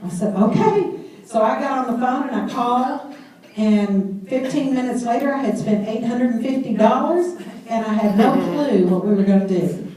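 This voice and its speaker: A woman's voice: fairly high pitch, moderate pace, far from the mic. Woman telling her story in an echoey hall. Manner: animated storyteller who laughs at herself. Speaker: speaker sharing her story. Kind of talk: personal testimony speech.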